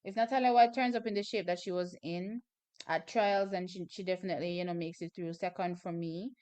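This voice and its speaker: A Jamaican woman hosting a live watch-party stream, chatting through the races and bursting into excited shouts and laughter. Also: lowish voice, brisk, clear, resonant tone.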